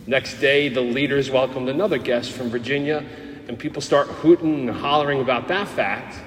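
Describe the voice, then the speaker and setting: A middle-aged man with a New Jersey accent delivers a homily from the pulpit, frank and lively, slipping humor into his stories. His voice sits in a mid register and carries into a large, echoey church with a long reverb tail. Faint ambient noise sits underneath. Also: medium pitch, normal speed. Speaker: Catholic priest.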